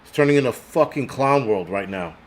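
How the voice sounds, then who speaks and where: A man's voice: mid-range voice, expressive, brisk. A middle-aged man hosting a channel in a casual, rambling, profane livestream rant, laughing often and answering chat comments. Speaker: prepper channel host.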